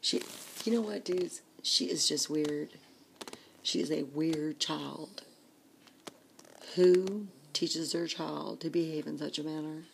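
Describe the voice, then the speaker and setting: A woman's voice: sits low, slow pace, creaky, a little hiss or hum. A woman ranting in a casual vlog, exasperated and complaining, often dropping to a whisper. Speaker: vlogger.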